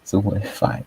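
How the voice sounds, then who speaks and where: This TV show reviewer has a bright, forceful voice, recorded roughly but with no echo. He chats casually through a video review of an episode, rambling with lots of fillers and chuckling often.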